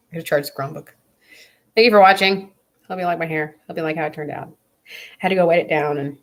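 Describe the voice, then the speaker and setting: A woman's voice: low voice, creaky. A young woman chatting casually to camera on her vlog, blunt, profane and rambling. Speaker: vlogger.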